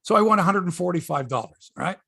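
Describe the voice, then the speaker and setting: A middle-aged man hosting a sports podcast in casual chat, excitable and jumping between topics. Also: sits high, fast talker, creaky, slightly rough, no echo, clean studio sound. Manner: excitable, jumps between topics, chuckles and trails off.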